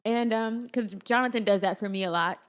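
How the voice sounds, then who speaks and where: A young woman co-hosting a podcast, chatting casually with her husband and laughing often as she tells animated stories. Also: on the high side, fairly quick. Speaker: podcast co-host. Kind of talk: casual chat.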